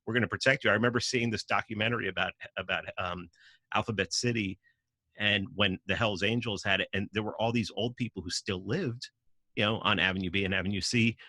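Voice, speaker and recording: Emphatic New man, tense and bright. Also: fairly low pitch, steady tone, a little fast, dry recording. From New York City. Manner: emphatic, profane, acts out quoted voices. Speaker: podcast guest. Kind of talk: casual conversational argument.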